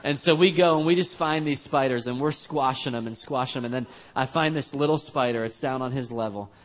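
A man's voice: mid-range voice, a little fast. A man preaching in a church as pastor, telling a family story in a casual, joking, conversational way. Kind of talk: storytelling sermon.

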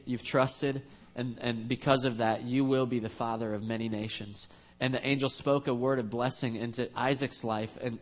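A man preaching a sermon as a pastor, earnest and conversational, with frequent restarts. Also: mid-range voice.

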